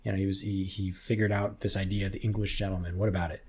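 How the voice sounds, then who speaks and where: A man's voice: sits low, little pitch movement, quick pace, a little mellow, slightly rough. A young man co-hosting a history podcast, explaining ideas casually and thinking aloud. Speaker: podcast co-host. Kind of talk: casual chat.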